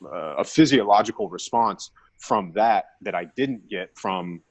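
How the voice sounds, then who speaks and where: A man speaking as a guest in a casual conversation, telling his experience in a relaxed way full of "you know" and "like". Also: fairly low pitch, unhurried, dry recording. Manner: relaxed, filler-heavy storytelling.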